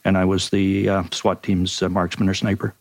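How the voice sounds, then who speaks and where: Older canadian guy, low gravelly voice, slow careful storyteller. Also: completely flat delivery, no echo. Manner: measured, methodical recounting with occasional ums. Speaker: retired detective and crime writer, guest. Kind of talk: podcast interview storytelling.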